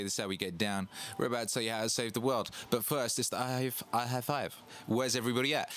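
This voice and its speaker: A man hosting a casual livestream, hyped and boastful, repeating himself and giving shout-outs to viewers. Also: medium pitch, a little hiss or hum. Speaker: livestream host and DJ. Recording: faint music in the background. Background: Christmas music playing.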